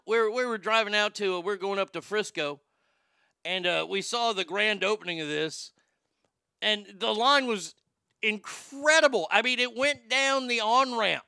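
A man's voice: high-pitched, pushed and bright, clean tone, no echo, studio quality. A middle-aged man, rambling casually and profanely as he reads from a chat. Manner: profane, folksy, rambling with restarts. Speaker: livestream host reading chat.

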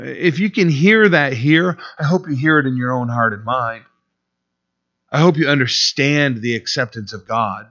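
A man's voice: medium pitch, sharp tone. Man, pastor preaching casually, slightly muffled lo-fi sound. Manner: conversational preaching, frequent "you know" fillers. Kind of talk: sermon.

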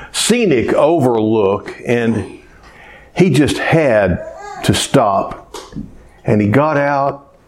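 A man's voice: mid-range voice, a little mellow. A man preaching a sermon in a folksy storytelling manner, often asking rhetorical questions. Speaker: pastor.

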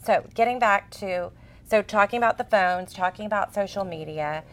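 A woman's voice: medium pitch, moderate pace. Chatty mother in her forties. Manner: chatty, expressive storyteller. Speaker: co-host. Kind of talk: casual chat.

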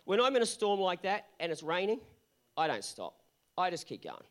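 A male pastor delivers a fired-up sermon, his voice pitched high. He sounds hoarse, and he drives his points home by repeating short refrains. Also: sing-song, normal speed.

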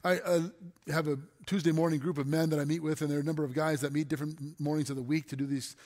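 A man preaching with an earnest, steady delivery, his voice sitting a little high for a man. He often sinks to a hushed, soft tone on key phrases. A long reverb trails behind him as in a large hall. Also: fast. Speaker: pastor. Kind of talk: sermon.

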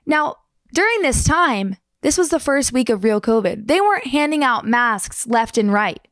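A young woman from New Jersey telling her own surfing story in a fast, chatty, animated way with casual slang. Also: fairly high pitch, no room sound, studio quality. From New Jersey, United States. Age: young adult.

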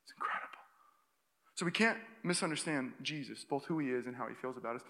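A young man preaching a sermon, telling a personal story in an animated way with quick asides and restarts. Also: medium pitch. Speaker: pastor. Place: church auditorium. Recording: long reverb of a church hall.

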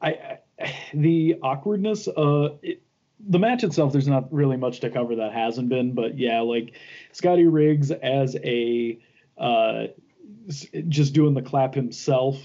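A man on a podcast panel speaks haltingly, starting sentences over before he finds his point. His voice is mellow and dark. The audio is dull and lo-fi, like a remote feed. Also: medium pitch. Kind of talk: casual chat.

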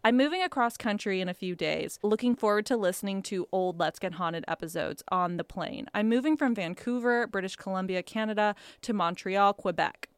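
Smooth-voiced woman podcast co-host. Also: medium pitch, brisk, hardly any pauses, dry recording. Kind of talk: casual chat, reading listener mail.

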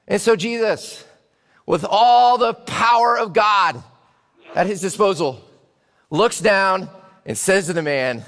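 A man preaching a storytelling sermon in a church. He is animated and dramatic and swings from hushed to loud. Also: high voice, slow, pauses often. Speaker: pastor. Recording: long hall reverb.

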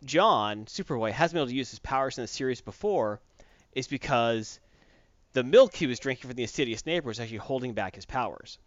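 A man talks casually, walking through a comic book plot in a loose, rambling way full of fillers and restarts. His voice sits at an ordinary pitch. The recording is dull and lo-fi, with a dry, close sound. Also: animated, a little fast, no room sound. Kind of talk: casual chat recapping a comic book story.

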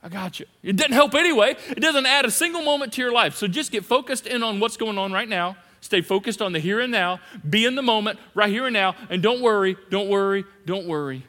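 High bright-voiced preacher in a big hall. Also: male voice, animated, fairly quick, few pauses. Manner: swings from loud emphatic repetition to hushed asides. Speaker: pastor. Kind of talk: sermon. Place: large church hall. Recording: long reverb of a big hall.

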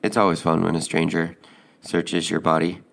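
Deep, gravelly man with a flat, deadpan delivery, telling a personal story with plenty of ums. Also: moderate pace. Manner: deadpan, hesitant with fillers.

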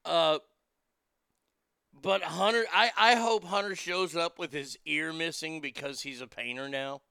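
Brash male talk host, bright smooth voice, dry close sound, profane and mocking. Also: a little high, a little slow, no echo. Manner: brash, profane, laughing at his own jokes; reads news items aloud and riffs on them. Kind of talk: casual political commentary.

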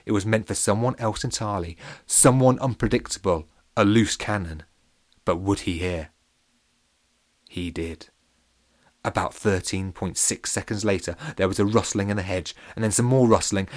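A man's voice: fairly low pitch, moderate pace, no room sound, clean studio sound. A man narrating a children's story in a playful, wry way.

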